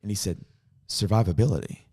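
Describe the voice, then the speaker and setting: A man, a pastor, tells a personal story in a podcast conversation, earnest and dropping to a hush in emotional moments. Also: lowish voice, lively intonation, a little fast, breathy edge.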